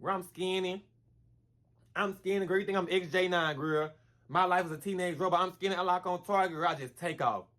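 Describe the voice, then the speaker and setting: In this laid-back storytime vlog, a man with a high-pitched, brisk voice tells his tale with lots of slang and energy. Punches get their own sound effects, and he repeatedly addresses the listener as "girl."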